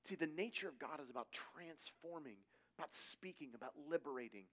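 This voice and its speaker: A man's voice: on the high side, expressive, fairly quick, a bit bright. A middle-aged man giving a conversational sermon, telling stories casually and acting out quoted voices. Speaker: preacher.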